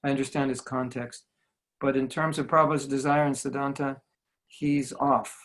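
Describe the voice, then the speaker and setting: An American man, a spiritual teacher, giving an informal talk to an online class, animated and acting out quotes as he goes. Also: mid-range voice, normal speed. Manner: animated, acts out quotes, chuckles often. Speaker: spiritual teacher answering questions.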